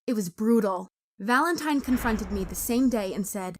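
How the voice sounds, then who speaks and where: A woman narrating a first-person story in a dramatic, expressive way. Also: medium pitch, normal speed, hardly any pauses.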